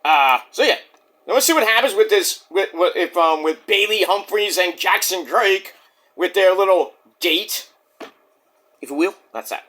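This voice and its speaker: Excitable male wrestling vlogger, bright, high voice, profane and theatrical. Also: unhurried. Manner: excitable and profane, acts out quotes in silly voices. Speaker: wrestling show reviewer. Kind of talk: casual solo review vlog.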